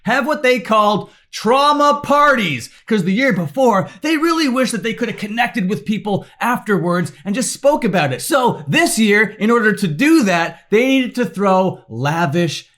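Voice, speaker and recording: Heated, high-voiced man ranting. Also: expressive, moderate pace, hardly any pauses. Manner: sarcastic, heated, swears often, shouts in outbursts. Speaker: commentary YouTuber. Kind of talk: ranting commentary.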